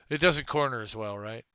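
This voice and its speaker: A man's voice: medium pitch, pushed and bright, clear, resonant tone, dry recording. A man narrating a tabletop role-playing game as game master, laughing often and mocking himself lightly. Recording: dull lo-fi dry sound.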